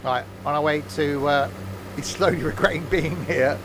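A man's voice: on the high side, normal speed, gravelly, background noise. A man casually commentating a train simulator game live, joking and teasing his chat. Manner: joking, chatty, teasing viewers. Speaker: streamer playing a train simulator.

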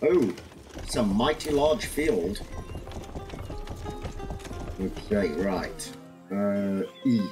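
Unhurried man narrating his gameplay. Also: fairly low pitch, lively intonation, music in the background. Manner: rambling, self-narrating play. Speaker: gaming video host. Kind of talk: casual game commentary.

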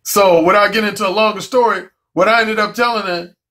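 A male dating coach with a notably high voice lectures his audience head-on. He is blunt and profane, and he preaches with rhetorical questions. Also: fairly even intonation, quick pace, bright, forceful tone. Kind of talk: blunt vlog monologue.

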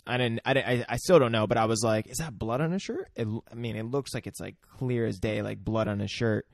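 A young man co-hosting a podcast who chats casually, rambling and hesitating as he restarts his sentences. His voice is mid-pitched and the recording is dry and close. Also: fast talker, creaky, no room sound. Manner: hesitant, full of restarts and fillers. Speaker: podcast co-host. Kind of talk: casual chat.

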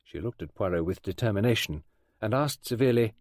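A man narrating a mystery audiobook in a measured, dramatic storytelling manner. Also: on the low side, animated, darkish tone, no room sound, clean studio sound. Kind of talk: scripted narration.

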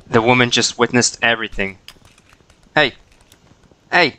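Man, game streamer, bright crisp voice, playful running commentary. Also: mid-range voice, measured pace, low-quality recording. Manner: playful, jokey, talks to the characters. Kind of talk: casual gameplay commentary.

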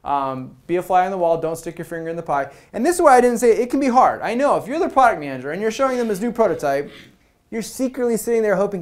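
Energetic man giving a meetup talk. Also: sits high, quick pace. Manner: energetic, conversational, acts out quoted lines. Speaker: product management speaker. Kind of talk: meetup presentation to a live audience.

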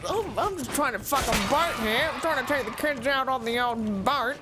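A woman's voice: high-pitched, expressive, moderate pace, few pauses, music in the background. A woman streaming a video game, joking, swearing freely and laughing often. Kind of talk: live gameplay commentary.

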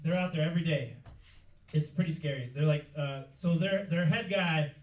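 A man's voice: fairly high pitch, moderate pace, highs cut off. A man performing a stand-up comedy set in a club, telling a story and laughing through his lines. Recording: roomy club sound from far off, loud audience.

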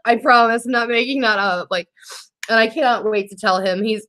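A young woman hosting a casual makeup livestream, reading viewer comments aloud and talking in a warm, teary, laughing way. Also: a little high, normal speed. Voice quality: emotional, teary and laughing, says y'all.

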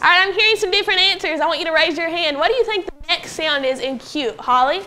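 Woman teacher in a classroom, sounding out words slow and patient, high voice. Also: sharp tone. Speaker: elementary school teacher. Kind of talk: classroom phonics lesson. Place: classroom with young pupils.

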